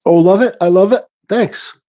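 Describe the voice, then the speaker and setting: A man with a high-pitched voice runs a casual livestream from his home workshop, chatting easily at normal speed and reading viewer comments aloud. He's relaxed and mumbles, and the audio sounds dull.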